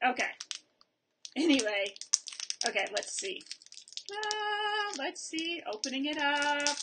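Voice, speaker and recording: A woman's voice: high-pitched, lively intonation, slow pace, pauses often, background noise. A woman hosting a casual video review of a snack, chatting while she tastes and chews on camera. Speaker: vlog host reviewing snacks.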